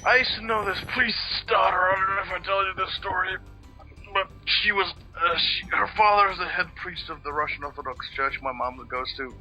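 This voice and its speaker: A man's voice: sits high, normal speed, bright, forceful tone, soft background music. A man chatting casually over a video game, rambling, swearing freely and often hunting for the right word. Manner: rambling, profane, searching for words. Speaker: let's play co-host. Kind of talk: casual chat over gameplay.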